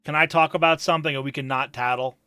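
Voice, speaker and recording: A man's voice: fairly high pitch, steady tone, quick pace, bright, forceful tone, clean tone, dry recording, clean studio sound, soft background music. A man chatting on a live stream, emphatic and profane, ranting and reading chat messages aloud.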